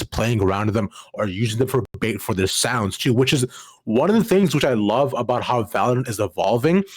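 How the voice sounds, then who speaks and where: A man's voice: mid-range voice, no room sound. A man casting a live esports match, talking in a playful, rambling, upbeat way over a headset mic. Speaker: esports caster.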